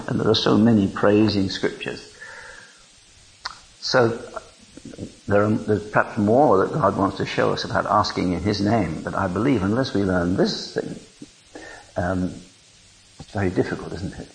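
A man preaching an informal sermon, reading scripture aloud in an animated, digressive way and chuckling between lines. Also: on the low side, normal speed, vocal fry, pauses often, low-quality recording.

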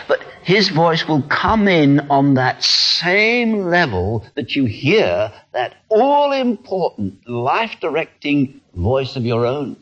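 A male preacher, earnest and animated as he acts out the little voices in people's heads. His husky voice rises and falls widely. The recording is dull and lo-fi. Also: fairly high pitch, takes it slowly, few pauses. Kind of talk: sermon. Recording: dull lo-fi sound.

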